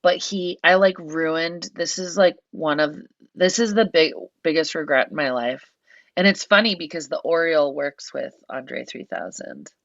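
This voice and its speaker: Woman podcast guest, low voice, rambling self-deprecating storyteller, slightly dull lo-fi recording. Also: moderate pace, a bit bright. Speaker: guest musician. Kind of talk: casual storytelling chat.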